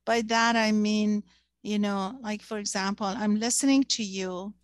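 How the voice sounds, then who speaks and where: Soft-spoken woman with Persian roots. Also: medium pitch, fairly even intonation, measured pace, dry recording. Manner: thoughtful, searching for words with many fillers. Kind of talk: casual discussion.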